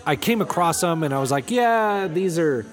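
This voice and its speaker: Chatty man with a slightly high voice. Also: expressive, moderate pace, soft background music. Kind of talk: casual chat.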